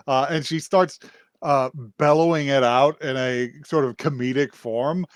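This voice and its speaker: A man's voice: mid-range voice, fairly even intonation, measured pace, dry recording, clean studio sound. A man hosting a podcast, casually recapping an anime episode in a rambling way, with many fillers and frequent laughs. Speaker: podcast host.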